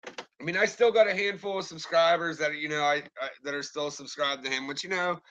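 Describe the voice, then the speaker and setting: A man's voice: on the high side, a little fast, fairly bright tone. A man ranting on a live stream and answering his chat, angry, rambling and swearing constantly. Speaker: livestreamer talking to chat.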